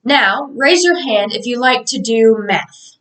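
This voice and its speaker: A woman's voice: fairly high pitch, animated, slow, a bit bright, distant mic, rough recording. A young woman giving a mock lesson to a class of children in an upbeat, sing-song teacher voice.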